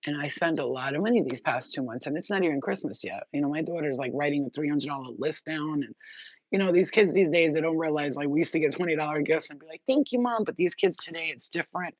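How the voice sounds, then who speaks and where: A woman's voice: low-pitched, fast talker, no room sound. A woman spiritual reader talking in a casual, emphatic, rambling monologue. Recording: dull, slightly muffled sound.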